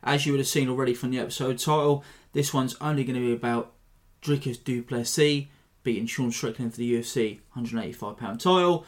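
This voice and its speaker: A man's voice: mid-range voice, a little fast. A man hosting his own combat sports podcast in a casual, jokey, self-deprecating monologue. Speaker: podcast host.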